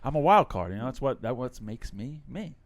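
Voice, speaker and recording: A man's voice: mid-range voice, sing-song, fairly quick, a crowd in the background. A man hosting a casual podcast, rambling between stories with lots of "you know" and "like". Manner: rambling, full of fillers, drifts between stories. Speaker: podcast host. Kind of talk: casual chat.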